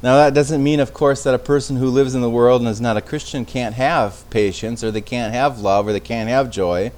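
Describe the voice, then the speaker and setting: A man's voice: medium pitch, steady tone, fairly quick, a little mellow. A man teaching an informal Bible study in a conversational way, often restarting phrases and checking in with his listeners. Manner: conversational, with frequent restarts and tag questions.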